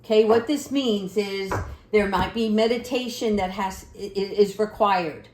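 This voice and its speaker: Woman, middle-aged, tarot reader, gentle and encouraging, slow unhurried delivery, echoey room. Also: mid-range voice. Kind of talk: spiritual card reading.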